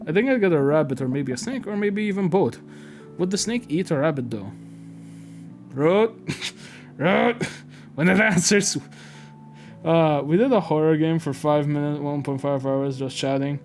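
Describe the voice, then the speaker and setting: A young man streaming a game live, commenting with excitable, profane outbursts. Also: fairly high pitch, moderate pace, faint music behind.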